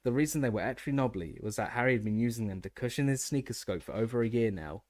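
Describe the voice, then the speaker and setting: A man's voice: medium pitch, animated, fast talker, no echo, studio quality. A man reading an audiobook aloud, often stumbling over words and restarting. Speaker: audiobook narrator.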